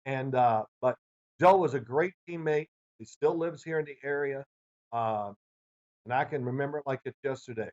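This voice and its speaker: Over a remote video call, a former quarterback in his sixties answers interview questions with stories, his voice medium-pitched at a normal pace with the highs cut off. He's animated as a guest, acting out his old coach's lines in a raised voice.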